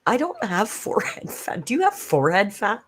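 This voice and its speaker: A woman's voice: medium pitch, sing-song, moderate pace, husky. Sarcastic, blunt woman commentator. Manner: sarcastic, blunt, swears freely. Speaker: reaction channel host. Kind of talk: casual commentary on a livestream.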